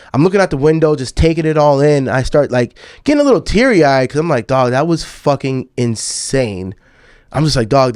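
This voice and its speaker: Laid-back, smooth-voiced man telling a story. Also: medium pitch, darkish tone, no room sound, clean studio sound. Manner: laid-back and profane, calls the listener "dog". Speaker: podcast host and DJ. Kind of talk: casual storytelling chat.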